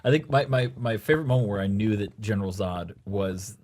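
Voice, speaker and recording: A man's voice: on the low side, brisk, darkish tone. A man hosting a casual podcast chat, enthusiastic, stumbling and restarting as he talks. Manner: enthusiastic, fills with restarts and stammers. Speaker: podcast host.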